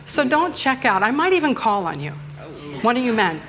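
A middle-aged woman gives a church sermon in a chatty, joking way. Her voice sits a little high, and she pokes fun at herself as she talks to the congregation from the sanctuary. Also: big pitch swings, moderate pace, fairly bright tone, a little hiss or hum. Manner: humorous, self-deprecating, chatty with the congregation. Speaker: guest speaker preaching at church. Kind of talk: conversational sermon.

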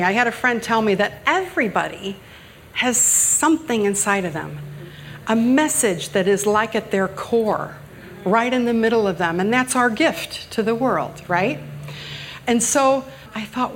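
A woman's voice: on the high side, lively intonation, measured pace, a bit bright, slight background noise. A middle-aged woman preaching a conversational sermon at church, joking and self-deprecating with the congregation. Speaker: guest speaker preaching at church. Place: church sanctuary.

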